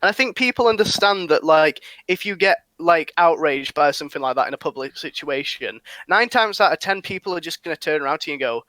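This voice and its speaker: A man's voice: a little high, expressive, brisk, hardly any pauses, sharp tone, no room sound. A young man chatting casually on a podcast, rambling with lots of fillers, restarts and swearing. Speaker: podcast host.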